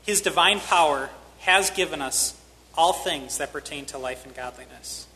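A man preaches a sermon in a church hall. He is candid and self-deprecating and presses key lines with rising emphasis. His voice is somewhat high and bright, and it rings with a long hall reverb. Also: moderate pace.

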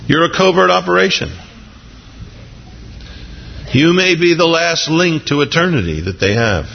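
A man preaching a sermon as pastor, animated and jumping into excited voices when he acts out quotes. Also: fairly high pitch, measured pace, gravelly, in a large hall, lo-fi sound, a little hiss or hum.

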